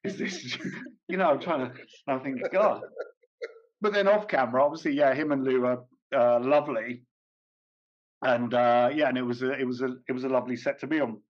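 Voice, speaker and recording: The recording is dull and lo-fi as a comedian-actor is interviewed, speaking in a brisk, mid-range voice with fairly even intonation. He rambles casually and hesitantly, correcting himself, restarting, using many fillers, and laughing often.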